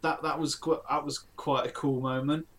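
A man's voice: a little high, flat delivery, moderate pace, fairly bright tone. A man in casual chat, critical and sarcastic about a film.

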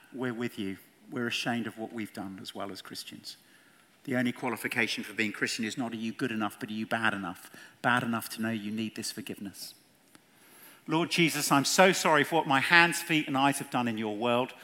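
A man preaching an evangelistic sermon, earnest and pleading, swinging from hushed words to loud ones. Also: medium pitch. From England. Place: church hall with audience.

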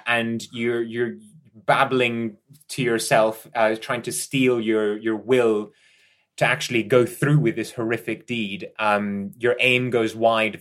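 A man narrating a tabletop horror game as game master, in measured descriptions with frequent pauses. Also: medium pitch, a bit bright.

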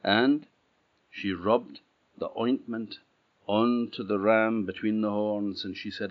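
A middle-aged man with an Orkney Scots accent telling a folktale in a relaxed, plain-spoken way. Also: on the low side, slow pace. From Orkney, Scotland. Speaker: storyteller. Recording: dull, slightly muffled audio.

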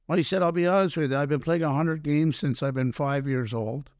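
An older man, a former pro hockey player telling animated stories in an interview, acting out quoted dialogue and often restarting his sentences. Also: a little high, fairly quick, no room sound, clean studio sound. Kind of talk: storytelling in a podcast interview.

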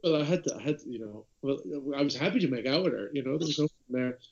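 Animated Irish man telling stories. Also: mid-range voice, fast talker, lo-fi sound. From Ireland. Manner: animated storyteller, frequent restarts. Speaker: podcast co-host. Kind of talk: casual chat over a call. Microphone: video call.

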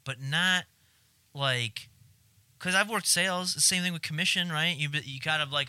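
A man in casual conversation who tells stories animatedly, swears freely and acts out his own shouting. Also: on the high side, moderate pace, smooth, dry recording. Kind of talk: casual chat.

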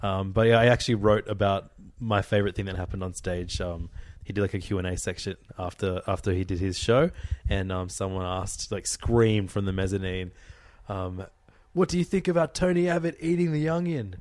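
A man's voice: low voice, moderate pace, dry recording. A man co-hosting a casual podcast, rambling through stories and acting out quoted people. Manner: rambling, animated storytelling with quoted voices. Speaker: podcast co-host.

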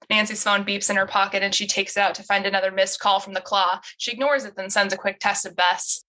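Woman, writer, read-aloud narration, casual, self-amused, bright. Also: mid-range voice, steady tone, a little fast, few pauses, low-quality recording. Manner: casual, laughs at herself. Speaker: writer reading her script.

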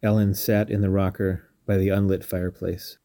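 A man narrating a scripted story in a calm, measured reading. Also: deep voice, dry recording. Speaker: storyteller and podcast host.

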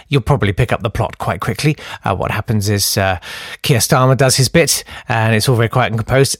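A man's voice: mid-range voice, dry recording, studio quality. Wry man hosting a podcast. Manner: wry, self-deprecating. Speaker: podcast host. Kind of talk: comedy podcast chat.

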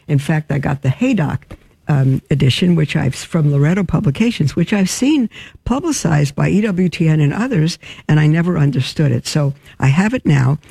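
A gravelly, mellow-toned woman, a religious sister who hosts a talk show, reads out listener emails and responds frankly and earnestly, often pausing as she thinks. Her voice sounds dry and close, with no room echo. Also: low voice.

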